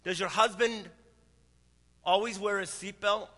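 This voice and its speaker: A man's voice: high voice, steady tone, a little slow, bright, forceful tone, big-room sound, full character voice. A man voicing a courteous police officer who speaks formally. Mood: polite.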